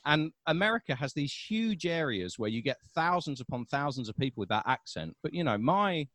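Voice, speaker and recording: A man's voice: fairly high pitch, a little fast, no echo. Laughing South London man, dry close sound. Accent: South London English. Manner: animated storyteller, laughs often. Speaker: stand-up comedian guest. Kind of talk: casual podcast chat.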